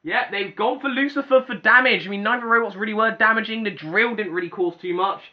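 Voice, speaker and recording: A man giving excitable play-by-play commentary on a robot combat tournament, rising to exclamations at big hits. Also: high-pitched, quick pace. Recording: dull lo-fi audio with music behind.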